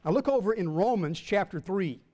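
A man, a Baptist pastor, teaching the Bible to his congregation in church, measured and emphatic, slowing and rising when he reads scripture. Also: high voice, expressive, dark tone, big-room sound.

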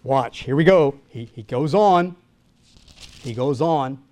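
An older man preaching a sermon, asking his listeners questions and swinging from loud calls to hushed lines. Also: mid-range voice, lively intonation, slow. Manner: asks the congregation questions. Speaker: pastor.

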